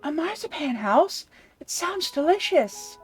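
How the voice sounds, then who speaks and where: A woman's voice: high voice, big pitch swings, unhurried, faint music behind, voice pushed up. A woman voicing a polite, timid young man who cannot read, reading game dialogue aloud. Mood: earnest. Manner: bright, polite, easily frightened.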